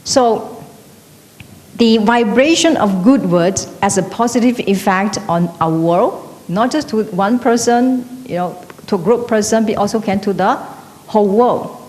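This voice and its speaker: A woman teacher with a Malaysian English accent lecturing an evening class, expressive, often dropping her voice low and soft. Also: a little slow. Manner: expressive, acts out quoted speakers, often drops low and soft. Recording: long hall reverb.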